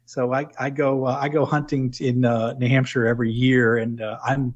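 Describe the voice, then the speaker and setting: A middle-aged New England man, his accent long gone, talks fairly quickly at a medium pitch with little movement, captured in lo-fi sound. As a podcast guest in a casual interview, he reflects aloud, restarting often and leaning on "you know."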